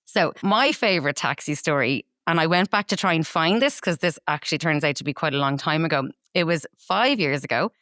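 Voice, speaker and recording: A woman's voice: deep voice, expressive, fairly quick, hardly any pauses, fairly bright tone, dry recording, studio quality. A woman co-hosting a podcast, telling a fond travel story in a casual chat, with some laughter. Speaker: podcast co-host.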